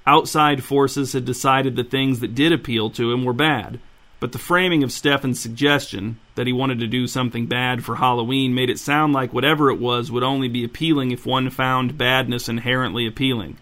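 A man narrating a novel in an even, dry storytelling manner. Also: mid-range voice, moderate pace. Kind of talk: audiobook narration.

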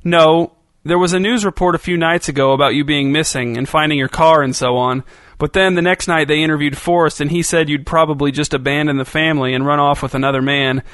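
A woman's voice: low voice, fairly even intonation, fairly quick, no room sound, studio quality, lightly acted. A male narrator voicing an anxious, loyal woman friend who speaks hesitantly and defensively in a storybook reading.

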